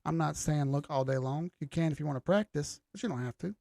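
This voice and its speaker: A gravelly man hosts a casual live chart stream, his voice strained and starting to crack. He talks loosely and jokes as he reads chat, pitched a bit high for a man. The sound is dry and close. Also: quick pace, darkish tone, dry recording. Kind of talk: casual livestream chart talk.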